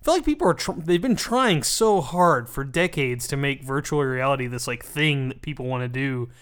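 A young adult man co-hosting a podcast, chatting casually and ranting in an animated, profane way. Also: medium pitch, moderate pace, clear, resonant tone. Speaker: podcast co-host. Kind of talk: casual chat.

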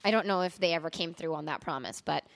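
A woman's voice: deep voice, fast talker. A woman co-hosting a casual podcast, chatting in a rambling way. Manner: chatty, rambling with fillers and laughs. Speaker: podcast co-host. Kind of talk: casual chat.

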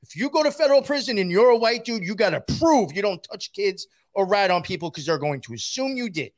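Male guest, rough-mouthed and rambling, voice sitting a little high. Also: expressive, quick pace. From New York. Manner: profane, rambling, laughs while telling. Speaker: guest telling a story. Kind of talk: casual storytelling.

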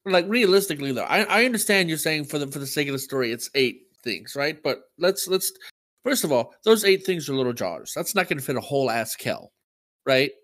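A man co-hosting a casual podcast chat, joking and telling stories in an animated way. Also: on the high side, a little fast. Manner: animated, jokey storyteller. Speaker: podcast co-host.

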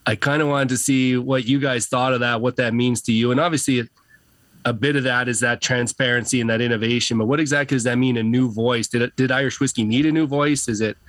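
Man, mid-pitch voice, podcast host, thoughtful rambling questions, dry sound. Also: steady tone, fast talker, a bit bright, no room sound. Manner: thoughtful, long winding questions. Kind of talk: casual podcast interview.

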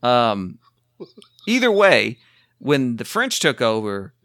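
Man, podcast co-host, lively bright tone, excitable and rambling. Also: medium pitch, takes it slowly, no room sound, studio quality. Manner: excitable, rambling history explainer. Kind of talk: casual chat.

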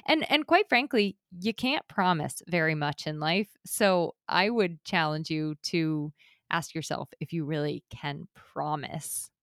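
A woman podcast host with a low-pitched voice keeps the talk chatty and laughs easily. Her voice is recorded close and dry. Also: a little slow, fairly bright tone, dry recording. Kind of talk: casual podcast conversation.

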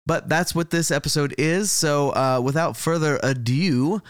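A man's voice: on the high side, measured pace, smooth, no echo, studio quality. A man co-hosting a podcast, introducing the episode in a casual, rambling way, chuckling and thinking aloud. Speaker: podcast co-host.

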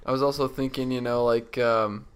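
A man's voice: medium pitch, steady tone, moderate pace, smooth. A man co-hosting a podcast, musing aloud in a hesitant, searching way, with frequent restarts. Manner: hesitant, thinks aloud with many likes and restarts. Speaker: podcast co-host. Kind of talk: casual chat.

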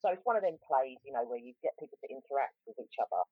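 A woman's voice: rumbling low, expressive, rapid-fire, slightly rough, no room sound. Rambling South London woman on a tinny line. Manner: rambling, frequent ums and restarts. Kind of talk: casual chat, storytelling. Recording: tinny phone-like line, dry.

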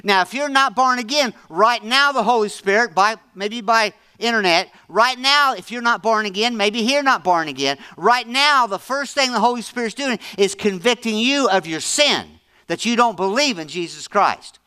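A man's voice: sits high, animated, normal speed, hardly any pauses, bright, forceful tone, clear, resonant tone. A middle-aged man preaching a sermon with fervent conviction, repeating phrases for emphasis. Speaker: pastor.

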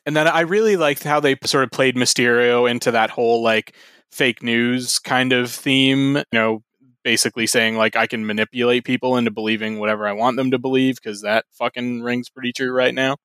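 Casting: mid-pitched man, smooth, resonant voice, dry close mic, thoughtful talk. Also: fairly even intonation, brisk, a bit bright, dry recording. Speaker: podcast co-host. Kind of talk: casual chat.

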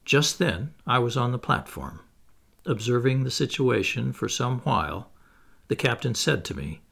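A man narrating a classic adventure novel in a measured storytelling reading. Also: mid-range voice, lively intonation, vocal fry, fairly bright tone. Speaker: audiobook narrator. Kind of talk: scripted narration.

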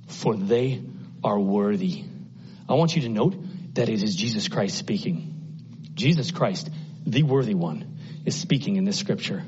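A man preaching an impassioned sermon, often climbing into high exclamations. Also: expressive, unhurried, long pauses, a little mellow, breathy edge, highs cut off.

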